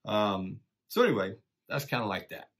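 A middle-aged man teaching a church lesson in a relaxed, folksy way, encouraging listeners and often saying "man" and "you know.". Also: fairly low pitch, normal speed. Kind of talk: casual conversational sermon.

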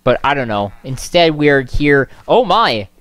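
Excitable young man with lively pitch. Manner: excitable, jokey, quick reactions. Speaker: let's play host. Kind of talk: casual gameplay chat.

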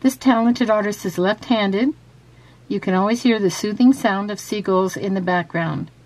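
Woman craft vlogger, chatty and halting, reading out a quiz. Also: mid-range voice, a little mellow. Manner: chatty, with frequent fillers and restarts; reads quiz questions aloud. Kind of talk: casual show-and-tell and quiz.

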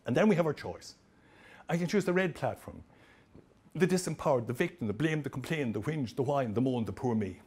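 A man giving a lively motivational presentation to trainees, telling stories with humor. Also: mid-range voice, brisk, breathy edge. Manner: animated, storytelling, jokey. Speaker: motivational speaker.

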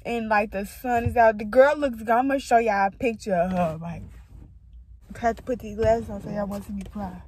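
A woman's voice: mid-range voice, a little fast, darkish tone, husky. Tearful, rambling young woman in a car. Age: 20s. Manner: rambling, emotional, blunt and profane. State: tearful, crying on and off. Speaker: vlogger. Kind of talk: casual vlog monologue. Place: inside a parked car.

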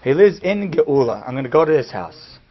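A man, a rabbi giving a class, telling a story in an animated way that swings from hushed to loud. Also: a little high, fairly quick, breathy edge. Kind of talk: storytelling lecture. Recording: dull lo-fi recording.

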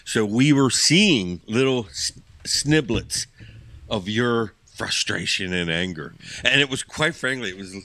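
Bright, teasing male co-host. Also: on the low side, lively intonation, a little slow, no echo. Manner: teasing, reacting with short interjections. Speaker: podcast co-host. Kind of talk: casual chat.

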